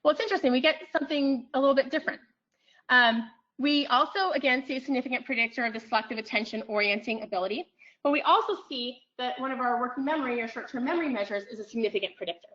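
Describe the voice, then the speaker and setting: A woman giving an academic lecture in a room, pausing often with ums and restarting her phrases. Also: high voice, a bit bright, highs cut off. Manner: frequent ums, thoughtful restarts.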